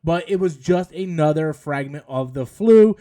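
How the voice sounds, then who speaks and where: A man's voice: on the high side, lively intonation, normal speed, dark tone. A man in his thirties hosting a live stream, chatting casually and rambling as he reads viewer messages. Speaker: host.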